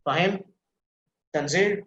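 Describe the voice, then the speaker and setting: A man's voice: sits high, slow, fairly bright tone, roomy sound, muffled recording, a little hiss or hum. A man with a Bangladeshi English accent teaching an English pronunciation class over a video call, explaining with many fillers and restarts and calling on students. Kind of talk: online class lecture.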